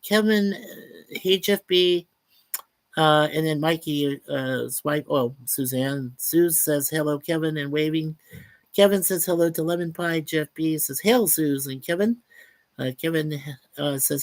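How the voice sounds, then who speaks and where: A man's voice: fairly high pitch, fairly bright tone, dry recording. A man hosting a casual livestream, chatting upbeat and reading out viewers' chat messages. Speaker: livestream host.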